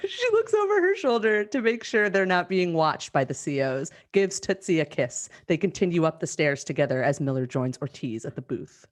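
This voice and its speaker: A woman hosting a live script reading over a video call, reading the stage directions in a brisk, amused way. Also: lowish voice, very animated.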